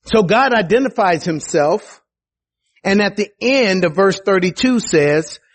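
A man delivers a sermon with a high, lively voice that swings up and down for emphasis. He talks at an unhurried pace with a slightly husky edge, and turns to his listeners with casual asides. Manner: animated, rises high for emphasis and quoted voices; conversational, with restarts and asides to the congregation. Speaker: preacher.

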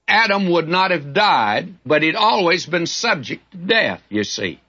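A man teaching through a Bible passage in sermon style, folksy and emphatic, with lively storytelling asides. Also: a little high, dull audio.

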